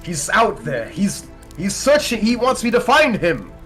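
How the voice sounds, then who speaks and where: A man's voice: medium pitch, expressive, unhurried, close to an everyday voice. A frantic man wakes from a nightmare about his father, stammering and urgent, as a man plays him in a tabletop game. His talk comes broken and shaken, with faint music behind him.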